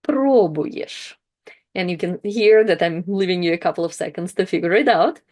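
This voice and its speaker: A woman teaching a language lesson, patiently explaining verbs and repeating each word slowly for practice. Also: on the low side, fairly even intonation, darkish tone.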